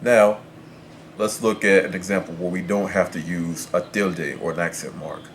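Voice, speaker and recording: A man's voice: sits low, steady tone, moderate pace, slight background noise. A man teaching as a Spanish tutor, patiently explaining rules and spelling words out letter by letter.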